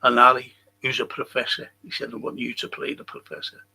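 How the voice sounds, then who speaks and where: Gravelly sweary Liverpool man. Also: medium pitch, completely flat delivery, fairly quick, bright, forceful tone. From England. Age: older. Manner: blunt, sweary, rambling anecdotes. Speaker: podcast host. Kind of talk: live stream chat reading viewer comments.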